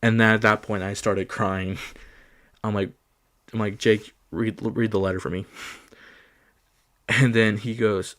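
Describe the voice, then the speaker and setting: A man's voice: fairly low pitch, flat delivery, measured pace, long pauses, fairly bright tone. A young man casually telling a story from his school days, laughing often and acting out the lines of the people in it.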